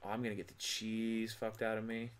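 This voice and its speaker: Man playing a game, swearing and yelling. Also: on the low side, little pitch movement, a little fast, clean tone. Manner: swears a lot, laughs often, shouts when frustrated. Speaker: gaming channel host. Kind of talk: casual let's-play commentary.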